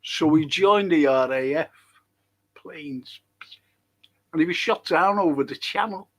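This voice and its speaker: A man's voice: fairly high pitch, a little slow, a bit bright, rough recording. An older man, co-hosting a casual chat and telling long rambling anecdotes. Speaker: co-host.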